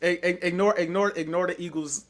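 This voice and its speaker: A man co-hosting a casual sports debate show, relaxed and agreeable, often chiming in briefly. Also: sits high, a little fast. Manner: relaxed, agreeable, lots of short backchannels.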